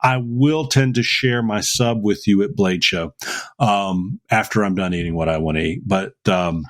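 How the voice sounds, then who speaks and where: Male podcast host, lowish voice, casual, rambling delivery full of "uh"s and restarts. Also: normal speed. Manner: rambling, many fillers and restarts. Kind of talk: casual chat.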